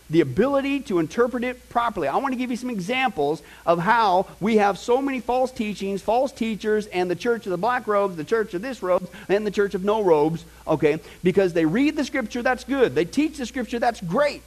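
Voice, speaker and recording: A middle-aged man preaching and teaching in a conversational, animated way, with asides to the congregation. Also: sits high, a little fast. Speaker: pastor teaching a Bible class. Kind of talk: sermon.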